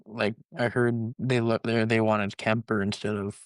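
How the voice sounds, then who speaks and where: A man's voice: on the low side, flat delivery, unhurried, dry recording. A young man co-hosting a podcast, chatting casually about hockey and telling stories loosely, full of fillers. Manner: loose, filler-heavy storytelling. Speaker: podcast co-host. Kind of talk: casual sports chat.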